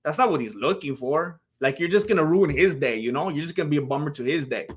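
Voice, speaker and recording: Speaking quickly at a fairly high pitch, a young man offers laid-back live-stream commentary on a fight video. He performs the people in it with animated storytelling.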